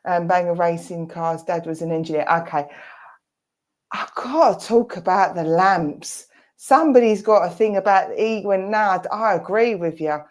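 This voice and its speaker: A woman with an Essex accent gives a mediumship reading. She is chatty and reassuring, and she relays what a spirit says in quick asides. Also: on the low side, darkish tone. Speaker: presenter and medium. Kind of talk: giving an online mediumship reading.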